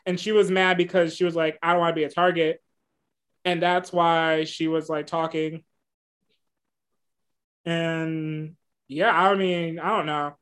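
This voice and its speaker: A man's voice: fairly high pitch, level tone, unhurried, long pauses, a bit bright, clean tone. A man co-hosting a podcast, chatting casually, rambling and hedging with many fillers as he talks things through. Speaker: podcast co-host. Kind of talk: casual recap chat.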